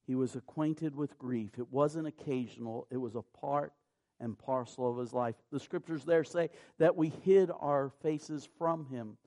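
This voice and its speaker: Slow, fervent male preacher. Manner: builds from quiet, slow reading to loud, high-pitched preaching. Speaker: pastor. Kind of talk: sermon.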